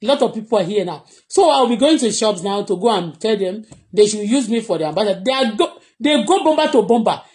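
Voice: mid-range voice, animated, fast, hardly any pauses, a little mellow. A blogger from Nigeria with a Nigerian accent, chatting casually on a live stream, laughing often and switching languages freely. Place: at home in Canada.

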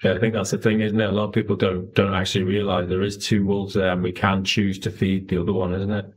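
Male podcast host with low pitch, asks short probing questions. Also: level tone, fast, a little hiss or hum, rough recording. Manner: brief, prompting questions. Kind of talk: interview questions.

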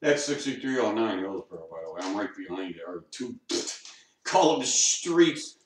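A man's voice: on the low side, very animated, normal speed, far from the mic. A man rambling and swearing to himself at home, grumbling and talking to his dog. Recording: echoey room, off-mic, faint noise.

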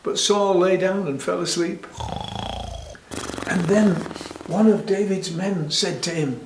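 A man telling a Bible story to children in a lively, animated way, with frequent restarts. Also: high voice, slow, long pauses. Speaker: church storyteller. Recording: echoey room.

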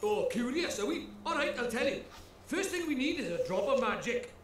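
Boastful fairy lord, very high voice, bouncy delivery, echoey game audio. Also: male voice, very animated, moderate pace, slight background noise. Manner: cheerful, folksy, calls people lad. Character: cheeky male fairy lord, boastful and chatty. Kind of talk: game voice acting.

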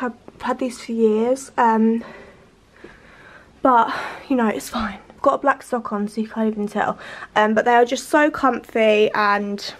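A woman, vlogging casually to the camera, chatty and rambling with lots of fillers, and tired. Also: a little high. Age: 20s. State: tired, yawning. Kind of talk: casual vlog chat to camera. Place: outdoors at a shopping area.

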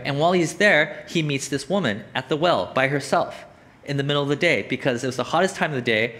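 A man's voice: medium pitch, fairly bright tone. A man preaching a sermon as a pastor, in a casual, conversational way with frequent "like" and "right?".

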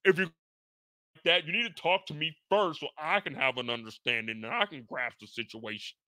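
A man's voice: a little high, normal speed, bright, forceful tone, dry recording, pitched above the performer's own voice. A wounded, preachy father who whines and lectures, as a man puts him on. The voice sits raised and tense. It is recorded close and dry. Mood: indignant. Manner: whiny, lecturing. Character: indignant middle-aged father, preachy and wounded.

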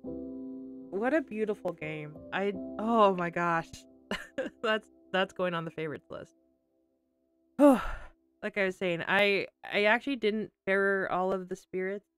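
A woman game streamer chatting casually while tearful and crying, talking in an emotional, halting way and laughing through her tears. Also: medium pitch, clear, resonant tone, dry recording, faint music behind. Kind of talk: casual livestream chat.

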